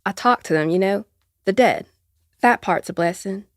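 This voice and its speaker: A woman's voice: medium pitch, dry recording, studio quality, close to an everyday voice. Woman playing an old Appalachian seer aunt. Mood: weary. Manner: slow folksy drawl, soft and tender. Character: elderly Appalachian aunt, seer, gentle and weary. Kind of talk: audio drama acting.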